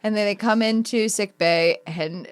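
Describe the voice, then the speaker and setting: A woman co-hosting a podcast in casual chat, animated, laughing often and acting out characters' lines. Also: medium pitch, measured pace, clear, resonant tone. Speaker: podcast co-host.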